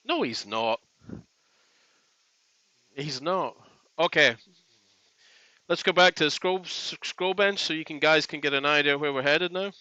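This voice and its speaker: A man chats in a loose, joking ramble while hosting a woodworking stream from his workshop. His voice is crisp and fairly high for a man. The mic sits close and dry, and the stream sound is dull. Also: unhurried, pauses often, pushed and bright, dry recording. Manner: chatty, rambling, jokey. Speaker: woodworking live stream host. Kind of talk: casual live stream chat. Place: home workshop.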